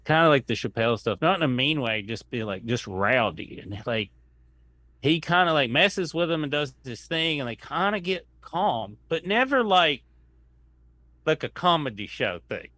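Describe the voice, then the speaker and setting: A comedian telling a long rambling anecdote in casual chat, acting out what people said. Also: male voice, fairly high pitch, big pitch swings, moderate pace, sharp tone, dry recording. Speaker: comedian guest.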